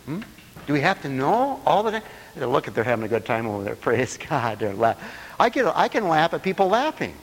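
A man preaching a lively sermon, breaking into laughter and playful asides. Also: a little fast, big-room sound, slight background noise. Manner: animated, swooping pitch, laughing asides.

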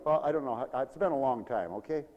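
A man preaching a sermon, animated and laughing often, swinging from loud to soft. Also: mid-range voice, a little fast, in a large hall, muffled recording.

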